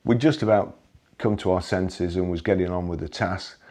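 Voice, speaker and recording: A man with a low, dark voice recounting stories from his working life. He talks in a wry, chatty way, stumbling and restarting now and then as he goes. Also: moderate pace. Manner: wry, conversational, occasional restarts. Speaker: memoir storyteller. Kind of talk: anecdotal storytelling.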